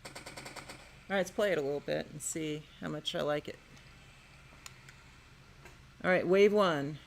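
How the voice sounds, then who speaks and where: A woman whose voice sits low, with some vocal fry, speaks a little slowly as she muses through building and playtesting her own game. It's a relaxed, curious think-aloud with a touch of hiss or hum in the background.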